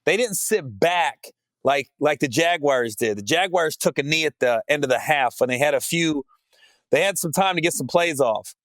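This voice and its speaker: A man hosts his own podcast in a loose, rambling monologue about sports. His voice sits a little high. The sound is close and dry, with no room echo. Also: fairly bright tone. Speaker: podcast host.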